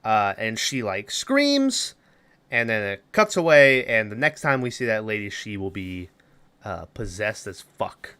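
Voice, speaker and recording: A man's voice: on the low side, sing-song, a little slow, sharp tone, clean tone. A man co-hosting a podcast, casually recapping a movie plot in a rambling, loose way, full of fillers and swearing. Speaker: podcast co-host.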